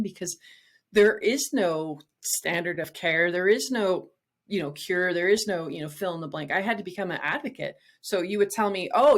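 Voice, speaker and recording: A middle-aged woman talking candidly and bluntly as an interview guest, with emphatic, casual phrasing. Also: fairly low pitch. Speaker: guest, nutrition practitioner.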